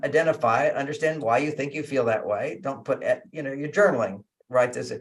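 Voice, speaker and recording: Older male guest, animated teacher, explains in a chatty way and laughs between his points. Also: medium pitch. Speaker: interview guest. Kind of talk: conversational teaching.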